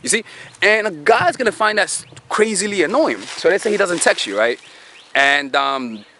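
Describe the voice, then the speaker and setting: Lively, conversational male dating coach. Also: high voice, moderate pace, a little hiss or hum. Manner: conversational, swears, rhetorical questions. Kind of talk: casual advice monologue.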